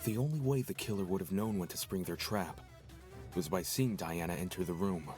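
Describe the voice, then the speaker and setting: Casting: actor as a smooth, composed male suspect, low voice, measured, game score under. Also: a little mellow, faint music behind, natural voice. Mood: reasoning.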